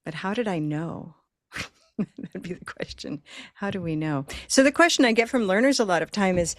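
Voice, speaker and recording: A woman's voice: mid-range voice, normal speed, fairly bright tone, no echo, clean studio sound. A woman co-hosting a live online English lesson on a video call, who laughs often and asks the learners questions. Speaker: teacher and co-host.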